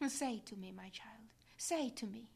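Woman reading as a gentle motherly heavenly queen. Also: a little high, slow. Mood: tender. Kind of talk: devotional reading.

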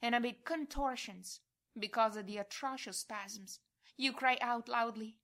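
Casting: woman for a devotional prayer reading, hushed and often whispering, slightly high voice. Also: measured pace. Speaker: prayer reader.

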